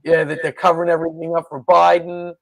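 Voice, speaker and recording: A man's voice: a little high, monotone, fast, vocal fry, no room sound, poor audio. A man co-hosting a podcast in casual political chat, laid-back and agreeable, often laughing along. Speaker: podcast co-host.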